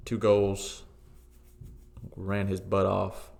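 A man co-hosting a football podcast, giving relaxed, opinionated match takes with frequent ums and uhs. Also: deep voice, very slow, creaky. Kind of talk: casual sports chat.

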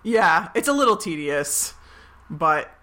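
A woman co-hosting a podcast, recapping a film in animated casual chat and acting out quick quotes. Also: fairly low pitch. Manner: animated retelling with quick acted-out quotes, laughs often. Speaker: podcast co-host.

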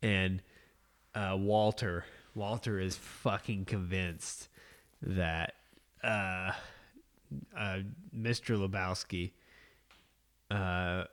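Slow, laid-back man co-hosting. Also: low-pitched, steady tone, a bit bright. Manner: laid-back, chimes in with short replies and swears. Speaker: podcast co-host. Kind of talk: casual podcast banter.

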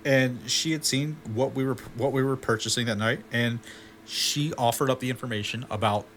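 Man, podcast co-host, mid pitch, rambling delivery full of restarts, faint room noise behind. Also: steady tone, moderate pace, fairly bright tone. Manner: rambling, repeats and restarts phrases. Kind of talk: casual podcast chat.

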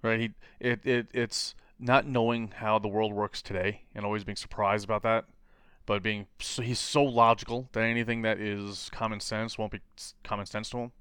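A man chatting casually about comics, animated and quick to mimic characters in silly voices. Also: on the low side, smooth, no echo, studio quality. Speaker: comic book podcast co-host. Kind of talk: casual chat.

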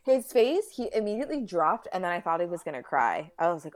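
A woman's voice: fairly low pitch, fast talker. A young woman co-hosting a podcast in casual chat, telling stories with profanity and frequent laughter. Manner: animated, profane, laughing storyteller. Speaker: podcast co-host.

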